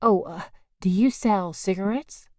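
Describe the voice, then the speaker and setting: A woman's voice: mid-range voice, measured pace, dark tone, dry recording, lightly acted. Woman narrator doing an American stranger, courteous and awkward, dry close sound. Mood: polite. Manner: hesitant, polite, apologetic. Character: tall courteous hesitant American man.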